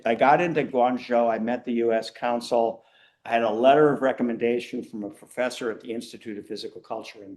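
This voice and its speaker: Older male speaker, animated storyteller with a self-mocking streak, medium pitch. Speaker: guest speaker. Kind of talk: storytelling talk to a church audience.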